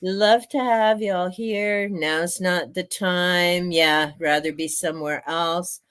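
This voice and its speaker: A woman's voice: deep voice, fairly bright tone, clear, resonant tone. A woman hosting a casual livestream, chatty and laughing often as she drifts into rants. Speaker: streamer and author hosting a reading sprint.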